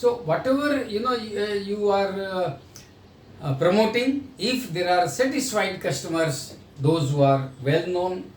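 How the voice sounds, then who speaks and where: A man's voice: sits high, expressive, unhurried. A man giving a sales training lecture in an explanatory manner. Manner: explanatory, acts out sales dialogues. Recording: echoey room, voice from a distance, faint noise.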